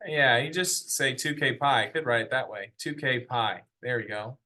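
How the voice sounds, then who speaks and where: A man's voice: mid-range voice, normal speed, bright, forceful tone. A man teaching a math lesson in a classroom, explaining step by step and asking the class questions. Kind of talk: classroom lecture.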